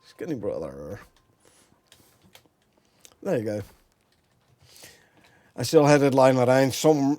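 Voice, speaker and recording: A Dutch man from the Netherlands, speaking with a Dutch accent in a mid-range, slightly mellow voice, streams a game and chats with viewers. He thinks out loud in casual commentary and laughs often. The recording is dry.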